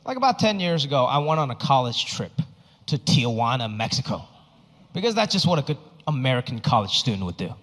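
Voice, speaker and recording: A man's voice: medium pitch, very animated, a little fast, a bit bright, a faint crowd. A man from Hong Kong, a stand-up comedian, telling a self-mocking story in a stand-up set. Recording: reverberant theater hall.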